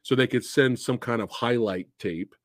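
A man's voice: medium pitch, moderate pace, dry recording, studio quality. A man hosting a podcast, chatting casually about movies and ranting with exasperation and profanity. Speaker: podcast host.

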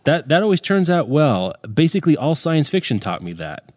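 A man co-hosting a podcast in casual chat, joking and rambling with quick restarts. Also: on the high side, very animated, darkish tone. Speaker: podcast co-host.

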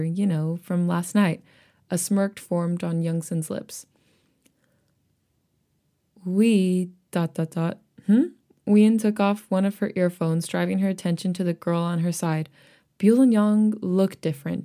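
Her voice is fairly low with a warm tone. As a podcast co-host, she reads a fan fiction story aloud, pausing between passages for casual chat punctuated by laughter.

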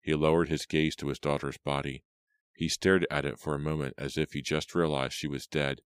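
A man narrating an audiobook in a dramatic reading style, acting out the characters' lines louder and slower. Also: very deep voice, level tone, clear, resonant tone, dry recording.

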